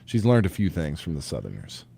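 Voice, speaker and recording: A man co-hosting a morning radio show, animated and joking, often laughing. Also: rumbling low, gravelly, slight background noise. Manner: animated, quick to laugh, jokey. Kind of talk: casual morning radio banter. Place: radio studio.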